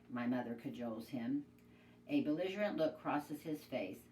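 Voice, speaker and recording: A woman, a teacher, reading a children's novel aloud in a plain, steady storytelling way. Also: a bass voice, normal speed, far from the mic. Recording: echoey room, away from mic, faint noise.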